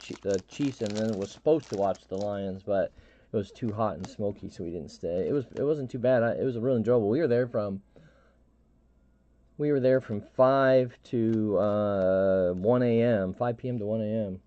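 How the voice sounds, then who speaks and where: A middle-aged man hosting a live stream, telling a story in a halting, rambling way with many restarts and fillers. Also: on the low side, mellow, dull audio. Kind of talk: casual storytelling chat.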